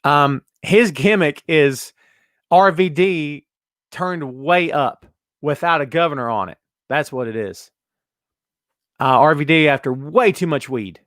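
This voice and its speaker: A man hosting a casual wrestling talk show, reading out viewer comments with sarcastic, animated commentary. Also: fairly high pitch, a little slow, no room sound, clean studio sound. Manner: sarcastic, animated, mocking put-on voices. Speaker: podcast host.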